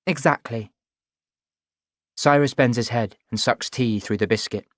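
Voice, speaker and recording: A man narrating a first-person audiobook in a measured, even storytelling voice. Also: medium pitch, no echo, studio quality.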